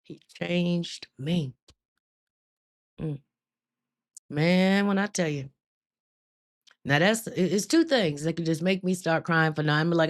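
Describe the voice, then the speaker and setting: A woman hosting a live stream, telling her testimony with emphatic, drawn-out storytelling and frequent laughter. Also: lowish voice. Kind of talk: spoken testimony to a live chat.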